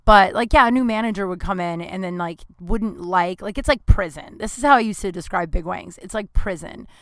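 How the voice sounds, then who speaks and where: A woman's voice: mid-range voice, brisk, fairly bright tone, no room sound. Chatty woman telling a story. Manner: chatty, frank, swears freely, acts out quoted people. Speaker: podcast host. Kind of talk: casual monologue. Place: small home studio.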